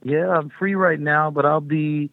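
A woman's voice: low voice, steady tone, measured pace, creaky, no room sound. A middle-aged woman musician calls in as a radio guest, her voice squeezed through a thin phone-like line. She talks in a loose, upbeat ramble and laughs easily. The sound is dry and close. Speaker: touring music artist, guest. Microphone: phone call.

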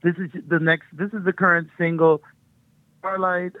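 A woman's voice: fairly low pitch, flat delivery, normal speed, dry recording. A middle-aged woman, a touring music artist, chatting as a guest in a rambling way and laughing often. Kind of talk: casual phone interview. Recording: tinny phone line.

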